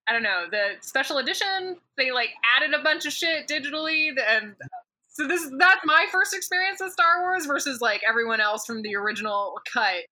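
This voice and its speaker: A woman's voice: high-pitched, animated, fairly quick, pushed and bright. A woman co-hosting a casual podcast, chatty, swearing freely and filling her talk with "like.". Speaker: podcast co-host. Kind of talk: casual chat.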